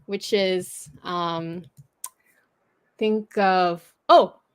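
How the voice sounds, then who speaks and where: A woman's voice: lowish voice, steady tone, very slow, smooth. A woman hosting a livestream, patiently explaining pronunciation rules step by step and laughing easily. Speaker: host teaching pronunciation.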